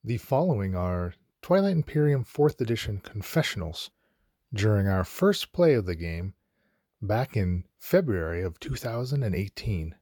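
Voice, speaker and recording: A man hosting a casual podcast, upbeat and quick to laugh. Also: lowish voice, big pitch swings, warm tone. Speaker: podcast host.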